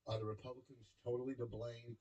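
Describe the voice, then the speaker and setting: A man guesting on a radio show who rambles, stops and restarts while making his case. His voice is dark and mellow at a middle pitch. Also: flat delivery, fast, lo-fi sound. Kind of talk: radio banter.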